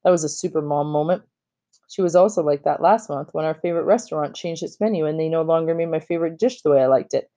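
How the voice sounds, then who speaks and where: An audiobook reader narrating a children's novel in the first person, with casual, kid-like storytelling and lively emphasis. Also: medium pitch, quick pace.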